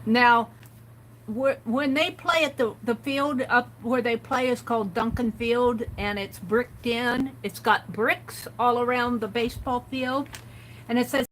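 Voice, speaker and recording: A woman hosts a casual art livestream, chatting and reading quotes aloud with amused comments, in a craft-stream setting. Her voice is fairly high and a bit bright, a little slow with fairly even intonation, and the rough recording carries slight background noise.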